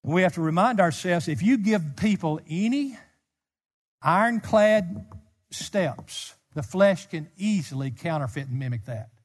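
A man preaching a sermon as a pastor, speaking with passion and sometimes rising to near-shouts. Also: high-pitched, expressive, measured pace. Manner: impassioned, rises to near-shouts. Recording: long hall reverb.

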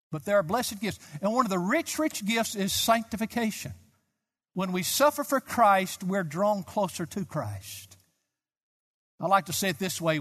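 Higher-voiced older pastor preaching in a hall. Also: male voice, a bit bright. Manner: emphatic, rising to fervent peaks. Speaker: Baptist pastor. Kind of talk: sermon. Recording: long hall reverb.

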